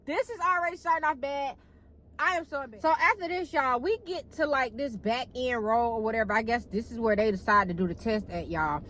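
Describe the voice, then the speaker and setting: Chatty young woman with a higher voice. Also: fairly quick, hardly any pauses, rough recording. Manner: chatty, animated, frequent cussing, keeps addressing viewers as y'all. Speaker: vlogger. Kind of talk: casual storytime monologue.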